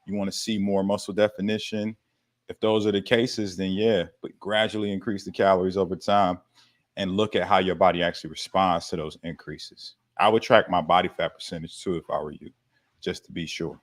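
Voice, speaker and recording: A fitness coach hosts a casual livestream Q&A in a deep voice with little pitch movement, talking a little fast. He keeps the banter laid-back and slangy, laughing often and swearing casually.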